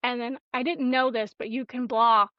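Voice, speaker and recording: A woman co-hosting a podcast and telling a story in a profane, animated way. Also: fairly high pitch, normal speed, no room sound, lo-fi sound. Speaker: podcast co-host. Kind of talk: casual storytelling chat.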